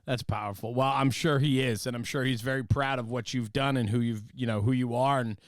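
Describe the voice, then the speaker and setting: A man's voice: mid-range voice, fairly even intonation, brisk, no echo, studio quality. A man hosting a podcast interview, asking questions and encouraging his guest with short affirmations. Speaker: podcast host. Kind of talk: casual interview.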